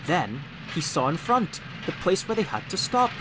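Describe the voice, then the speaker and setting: A man narrating a storybook audiobook with expressive, animated storytelling. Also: a little high, moderate pace, music in the background.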